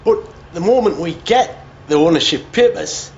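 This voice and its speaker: A man's voice: high-pitched, expressive, normal speed, a little mellow, muffled recording, slight background noise. An actor playing a decent working man who raises earnest doubts. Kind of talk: TV drama acting.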